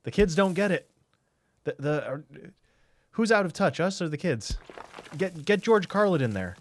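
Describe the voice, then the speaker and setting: A man voicing a flustered, panicky male TV executive who barks hurried orders. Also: mid-range voice, close to an everyday voice. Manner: frantic, hurried commands.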